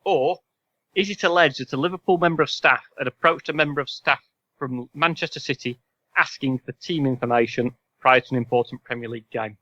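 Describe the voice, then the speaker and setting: A man's voice: mid-range voice, a little fast, bright, forceful tone, no room sound. A man co-hosting a casual podcast, running a quiz with dry sarcasm and rambling asides. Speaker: podcast co-host and quizmaster. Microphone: video call. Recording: slightly dull call audio.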